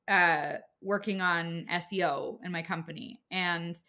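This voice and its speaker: Bright-voiced businesswoman chatting. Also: lowish voice, fairly even intonation, measured pace. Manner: chatty, frequent "like" fillers, emphatic. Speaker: business owner and course creator. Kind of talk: casual podcast conversation.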